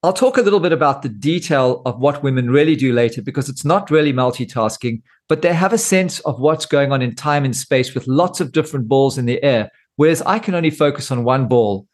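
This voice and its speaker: A man's voice: medium pitch, animated, fairly quick, hardly any pauses. A middle-aged man hosting a scripted monologue, with dry, self-mocking humor. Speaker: host.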